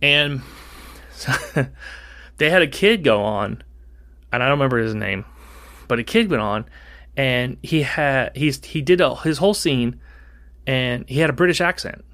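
A man's voice: medium pitch, unhurried, pauses often. A man co-hosting a podcast, casually telling a rambling story and acting out the dialogue as he goes. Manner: rambling, animated, acts out quoted dialogue. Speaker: podcast co-host.

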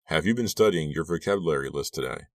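A smirking teenage boyfriend with a dry, teasing way of talking, from a storybook reading by a man. His voice stays deep and low. The sound is dry and close. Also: lively intonation, quick pace, no echo, distant mic.

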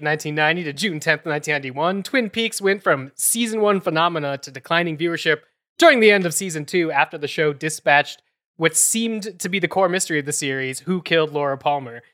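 Male host, moderating, brisk and wry, bright voice. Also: fairly high pitch. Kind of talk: hosting a debate, casual chat.

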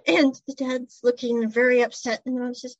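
A woman's voice: high-pitched, level tone, normal speed, dry recording, dull audio. A woman chattily retelling a drama episode, with giggles and side comments. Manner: chatty storyteller, giggles, asides. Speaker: drama recap vlogger. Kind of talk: casual episode recap.

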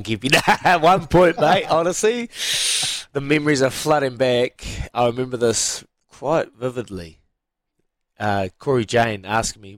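A man's voice: medium pitch, a little slow, no room sound. A man with a New Zealand accent hosting breakfast radio in his thirties, telling stories in slangy banter. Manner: laid-back storytelling, slangy. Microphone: studio microphone.

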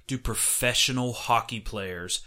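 A man co-hosting a casual sports podcast, telling stories in a heated, animated way and swearing freely. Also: medium pitch, measured pace. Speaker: podcast co-host. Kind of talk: casual chat.

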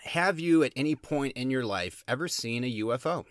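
A man's voice: mid-range voice, animated, fairly quick, no room sound, clean studio sound. A man co-hosting a casual podcast chat, playful and fond of building up to a reveal. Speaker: podcast co-host.

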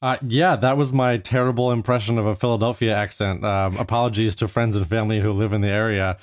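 A man's voice: fairly low pitch, steady tone, fast, dry recording, studio quality. A man hosting a podcast, a licensed therapist, in easygoing and upbeat casual chat.

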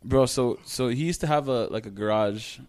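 A man's voice: medium pitch, moderate pace, darkish tone, dry recording. A man as a guest on a casual podcast, rambling through anecdotes and swearing a lot. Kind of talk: casual chat.

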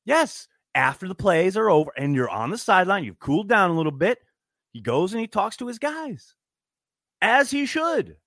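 A man hosting a podcast, chatting casually and reading viewer messages, animated and profane when ranting. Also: sits high, moderate pace, no room sound, studio quality. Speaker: podcast host. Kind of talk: casual live-stream chat reading super chats.

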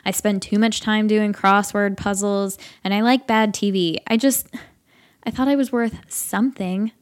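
A woman's voice: medium pitch, fairly even intonation, moderate pace, lightly acted. Woman reading a ranting older brother. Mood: frustrated. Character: older brother, man, world-weary and commiserating.

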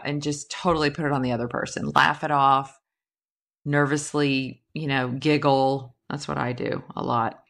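A woman's voice: extremely low pitch, normal speed, creaky, a bit bright. A woman, likely in her thirties, talking candidly and self-deprecatingly about a personal experience, laughing now and then. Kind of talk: reflective personal monologue.

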